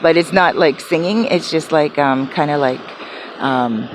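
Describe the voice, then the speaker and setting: Woman, slightly low voice, rambling casual vlog talk, lots of fillers, street noise and passing cars in the background. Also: normal speed, poor audio. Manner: rambling, many fillers and restarts. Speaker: vlogger. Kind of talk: casual chatty storytelling. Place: her small apartment.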